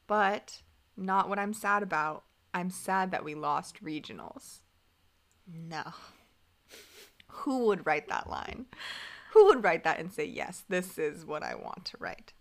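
A young woman co-hosting a casual recap podcast, sarcastic and animated, acting out quoted lines. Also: medium pitch. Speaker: podcast co-host.

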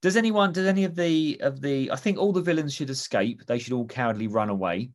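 A man's voice: medium pitch, fairly quick. A man chatting casually, rambling enthusiastically with many restarts. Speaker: podcast co-host. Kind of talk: casual comedic chat.

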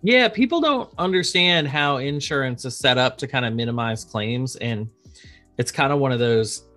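A man in his thirties chats casually as a podcast guest, explaining his law work. His voice sits in a middle pitch, and he slips into voices for the people in his stories. Faint guitar music plays behind. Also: normal speed. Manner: animated storyteller, acts out quoted dialogue. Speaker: insurance attorney guest.

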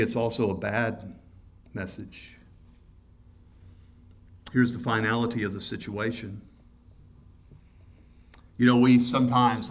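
A pastor delivering a sermon, addressing the congregation directly with urgent rhetorical questions and building to loud, fervent passages. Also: male voice, lowish voice. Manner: impassioned preaching that swells loud and urgent.

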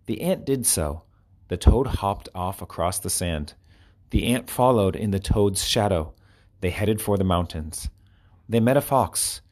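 A man reading short children's stories aloud with clear, expressive storytelling. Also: sits low, unhurried. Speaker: narrator.

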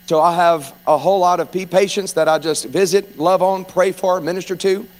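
A man preaching a sermon, telling stories in a rambling, animated way that rises to fervent preaching. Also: high-pitched, normal speed. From North Louisiana. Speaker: pastor and hospice chaplain.

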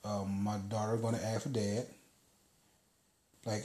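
Low-voiced man rambling in an echoey room. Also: steady tone, normal speed, long pauses, dark tone. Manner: loose, storytelling, swears freely. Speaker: podcast host. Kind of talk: casual rambling monologue. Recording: roomy echo.

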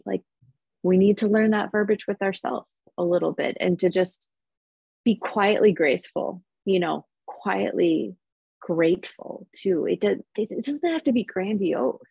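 A woman's voice: on the low side, unhurried, vocal fry, breathy edge, dry recording. A woman who works as a Reiki practitioner, talking reflectively in a casual podcast conversation with many fillers. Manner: warm reflective speech with frequent laughs and fillers.

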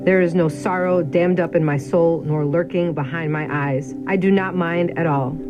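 A woman in her thirties speaks in a measured, declarative tone, reading a scripted ad narration. Her voice sits a little low. Clear music plays underneath her. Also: steady tone. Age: 30s. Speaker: spokeswoman in a recruitment ad.

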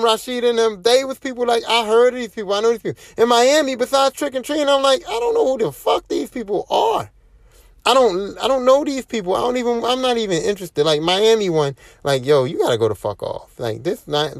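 A man's voice: high-pitched, no echo, clean studio sound. A young man hosting his own podcast, talking on his own in a rambling, slangy and often profane way. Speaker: podcast host. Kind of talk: casual solo podcast monologue.

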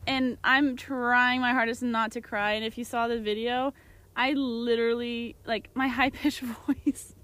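Young woman, high-pitched podcast co-host with animated storytelling and squeaky acted-out quotes. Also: measured pace, dry recording. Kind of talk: casual chat.

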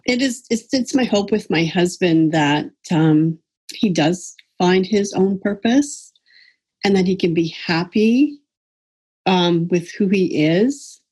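A woman's voice: on the low side, expressive, slow pace, a little mellow, husky. A middle-aged woman sharing personal experiences on a group call, hesitant with frequent ums and self-deprecating.

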